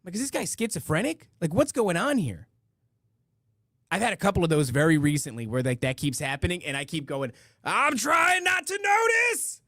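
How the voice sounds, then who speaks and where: A man's voice: fairly high pitch, expressive, fairly quick, dry recording, clean studio sound. Rambling middle-aged male podcast host. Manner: rambling, loose storytelling with many restarts and asides. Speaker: podcast host reading donations and chat. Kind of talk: casual live-stream chat.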